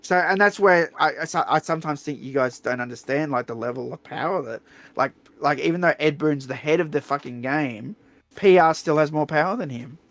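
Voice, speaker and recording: Blunt, gravelly Australian man. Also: on the high side, a little fast, no echo. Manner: blunt, profane, animated storytelling. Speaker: streamer host. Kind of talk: casual storytelling chat.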